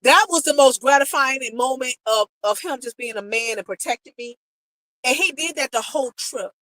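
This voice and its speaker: A high-pitched American woman, an adult and married, tells her vlog viewers about a trip at a moderate pace, getting emotional and animated as she quotes what others said. The low-quality recording has no room sound.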